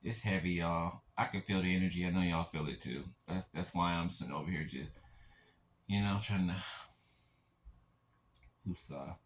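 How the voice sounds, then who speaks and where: A man speaking gently to his viewers in a heartfelt spiritual encouragement talk, halting and repeating himself as he reassures them. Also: low voice, fairly even intonation. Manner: gentle, halting, keeps asking "right?".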